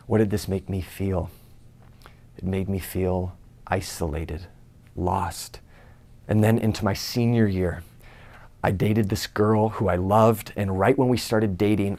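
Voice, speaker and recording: A man's voice: deep voice, gravelly, darkish tone. A young man giving an earnest personal testimony, telling his story and acting out his own inner thoughts.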